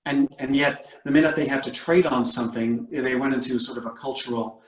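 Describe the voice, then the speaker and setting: A man's voice: mid-range voice, steady tone, brisk. A man from the United States, an audiobook narrator and coach, telling stories animatedly as a guest on a casual panel chat over a video call. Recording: roomy, distant mic.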